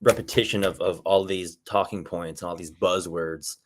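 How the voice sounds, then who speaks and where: A man co-hosting a reaction show, talking in a halting way and repeating words as he thinks. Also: sits low, fairly even intonation. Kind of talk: casual reaction chat.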